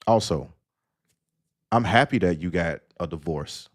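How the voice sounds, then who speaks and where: Man, low-pitched, sarcastic, blunt lecturing rant, live-stream host. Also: expressive, a little slow, long pauses. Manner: blunt, addresses listener directly. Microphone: audio-only stream mic.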